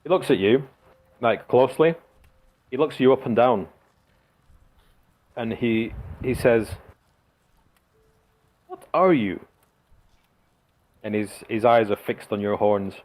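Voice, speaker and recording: A man's voice: mid-range voice, unhurried, long pauses, a little mellow. A man narrating as game master of a tabletop game, hesitant, with many fillers and restarts.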